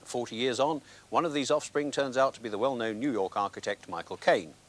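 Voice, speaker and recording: Sardonic British film reviewer. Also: male voice, mid-range voice, fairly quick. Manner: dry, sardonic wit. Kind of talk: scripted film review presenting.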